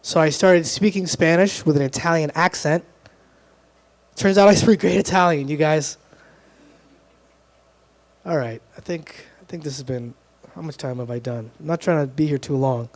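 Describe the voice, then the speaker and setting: Young guy doing open mic standup, high-ish voice, jokey and self-deprecating, handheld mic in a small club. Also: normal speed, pauses often. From Dominican heritage, grew up in Texas area. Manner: self-deprecating, crowd-teasing punchlines. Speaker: stand-up comedian. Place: small live music club. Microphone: handheld stage mic.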